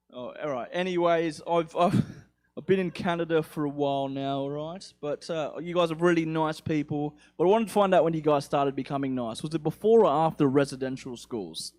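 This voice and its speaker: The young male stand-up from England has a voice on the high side with a darkish tone, moving at a moderate pace. Profane and self-mocking, his set rambles along in an accent mixing English and Australian.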